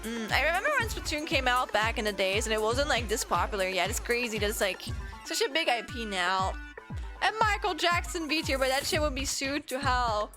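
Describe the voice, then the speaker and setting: A woman's voice: sits high, lively intonation, brisk. A German woman streamer chatting casually and laughing a lot with her chat, with a German accent. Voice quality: giggly, self-deprecating banter with chat. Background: game music.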